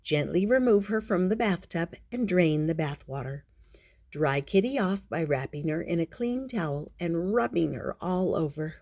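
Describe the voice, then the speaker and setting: An older woman as a storytelling grandmother, reading a children's picture book aloud in an unhurried, expressive way with playful asides. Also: on the low side.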